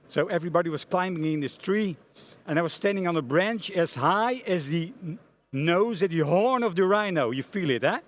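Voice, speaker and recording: Animated Dutch-accented man telling a story. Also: high-pitched, normal speed. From Netherlands. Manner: animated, many hesitations and restarts. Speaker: conference speaker, front-end architect. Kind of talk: storytelling conference talk. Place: conference hall stage.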